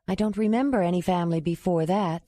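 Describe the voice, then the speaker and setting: A woman reading the part of a gentle young woman raised by a clan, speaking softly and directly. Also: on the low side, fast, no room sound, clean studio sound, natural voice.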